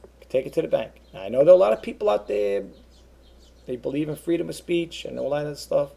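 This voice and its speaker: Gravelly, husky man rambling at a webcam. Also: on the high side, quick pace, warm tone. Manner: rambling, repeats himself, earnest. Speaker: eBay seller vlogger. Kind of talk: casual webcam monologue.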